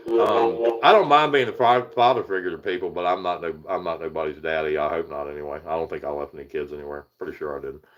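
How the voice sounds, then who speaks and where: A man with a rural Virginia hill accent talks casually to a livestream audience, in a somewhat low voice. He rambles, restarts, and chuckles as he greets viewers by name. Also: steady tone, fast talker, lo-fi sound. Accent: Appalachian Virginia hill accent. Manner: rambling, chuckling, reads out chat names. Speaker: paranormal livestream host.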